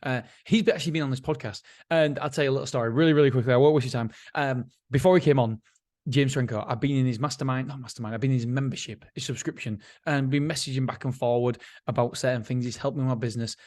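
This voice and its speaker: A man's voice: mid-range voice, fairly even intonation, quick pace, darkish tone. A middle-aged man hosts his own podcast in a casual, rambling, self-mocking monologue, laughing often. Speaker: podcast host.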